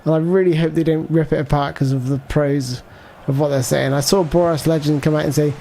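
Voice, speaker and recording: A man's voice: a little high, steady tone, a little fast, gravelly, dark tone. A man giving casual live commentary as he plays a football video game, thinking aloud and answering viewer chat. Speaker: gaming livestreamer.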